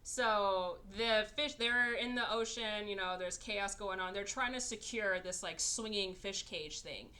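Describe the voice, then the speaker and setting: Woman podcast co-host with a bright, forward tone, recapping plots with animated storytelling. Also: medium pitch, a little slow, few pauses. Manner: animated storytelling, acting out characters' lines. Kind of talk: casual movie recap chat.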